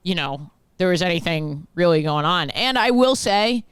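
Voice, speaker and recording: A woman's voice: lowish voice, animated, normal speed, smooth, no echo. A woman co-hosting a podcast in casual, blunt, jokey chat, swearing freely. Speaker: podcast co-host.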